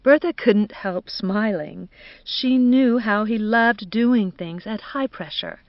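A woman narrating a literary audiobook in an expressive, measured reading. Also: mid-range voice, no room sound. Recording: dull, dry studio recording.

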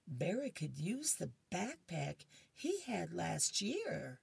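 A woman's voice: fairly low pitch, big pitch swings, takes it slowly, creaky, a little mellow, breathy edge, dry recording, pitched above the performer's own voice, heavily acted. A woman voicing a comic-strip father who patiently reasons about money. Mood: reasoning.

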